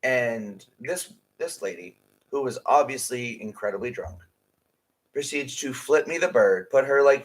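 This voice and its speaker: A man's voice: medium pitch, a bit bright, rough recording. Blunt, profane man ranting on a podcast. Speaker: podcast co-host and haunted house scare actor. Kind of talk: casual podcast chat.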